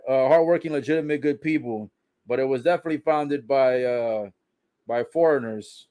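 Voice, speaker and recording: A man's voice: medium pitch, moderate pace, warm tone. A man casually recapping a wrestling broadcast, swearing, joking in slang and laughing often. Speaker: wrestling show reaction commentator.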